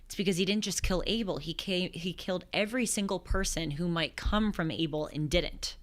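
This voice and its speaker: A woman's voice: fairly low pitch, fairly quick. A woman in her twenties hosting a talk show, giving earnest, thoughtful commentary on scripture and often restarting her phrases mid-thought. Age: 20s. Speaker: show host.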